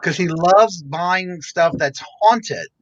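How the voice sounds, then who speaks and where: A man's voice: high voice, takes it slowly, dull audio. A man hosting a casual live-stream chat, talking in a rambling way with frequent restarts. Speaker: show host.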